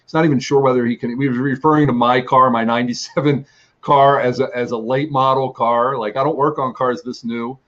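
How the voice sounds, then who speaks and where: A man's voice: medium pitch, steady tone, a little fast, fairly bright tone, muffled recording. Rambling man telling a testimony. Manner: rambling, many restarts and fillers. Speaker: ministry teacher. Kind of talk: storytelling testimony.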